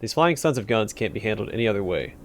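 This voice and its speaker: A man voicing a stern but friendly male militiaman, explaining calmly and firmly. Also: lowish voice, fast talker, slight background noise, lightly acted.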